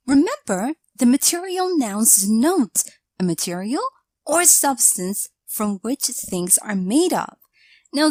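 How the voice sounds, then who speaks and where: Slow, lively-pitched woman teaching grammar. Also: no echo. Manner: measured, explanatory delivery reading out example sentences. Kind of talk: scripted lesson narration.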